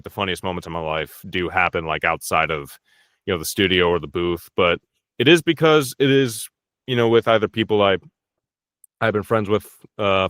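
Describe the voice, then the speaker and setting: Deep-voiced joking young man. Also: fairly bright tone, no echo, studio quality. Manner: joking, swears freely, many fillers. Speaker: voice actor guest. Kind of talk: casual interview chat.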